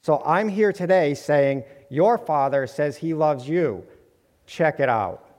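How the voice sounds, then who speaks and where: A man's voice: fairly high pitch, expressive, takes it slowly, a little mellow. A man delivering an earnest sermon to his congregation, with light humorous asides. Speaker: preacher. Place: church sanctuary. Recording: long hall reverb.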